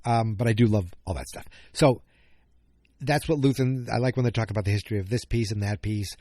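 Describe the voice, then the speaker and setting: A podcast host records a casual solo recap, thinking aloud with many fillers and self-corrections while yawning and sounding a bit tired. His warm, lowish voice moves a little fast in a dry, studio-quality recording.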